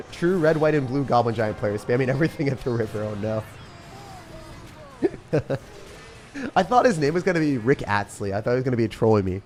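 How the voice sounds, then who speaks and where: Excitable young male gaming streamer. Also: mid-range voice. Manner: fast, excitable, jokey gamer chatter. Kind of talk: live stream commentary while playing.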